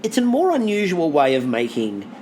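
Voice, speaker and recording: A man's voice: fairly high pitch, normal speed. Guy on a podcast, swears a lot, voice all over the place, bit of hiss behind. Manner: animated, swears freely, lists things off. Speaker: podcast co-host. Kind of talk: casual chat.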